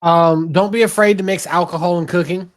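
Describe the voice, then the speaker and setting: A man's voice: sits high, fairly even intonation, a little fast. A man from the American South, a guest in a casual podcast chat, giving blunt, emphatic opinions and swearing freely.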